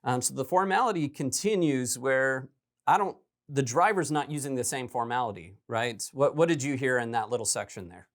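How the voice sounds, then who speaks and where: A man's voice: mid-range voice, lively intonation, normal speed. A man hosting a recruiting podcast, talking through a call in a loose, conversational way and often checking in with "right?". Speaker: podcast host. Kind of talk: podcast commentary.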